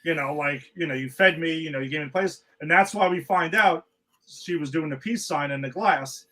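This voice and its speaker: A man hosting a podcast, casually recapping an episode in a relaxed, chatty way. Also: fairly high pitch, a little fast, low-quality recording. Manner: recapping plot, relaxed and chatty, says "you know" often. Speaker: podcast host. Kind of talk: casual chat.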